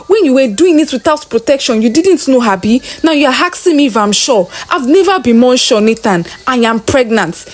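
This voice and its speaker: A woman playing a heartbroken young maid in a spoken story, pitched high and pleading. Her lines come tearful and shaky, begging to be chosen. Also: lively intonation, a little fast, hardly any pauses. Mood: angry.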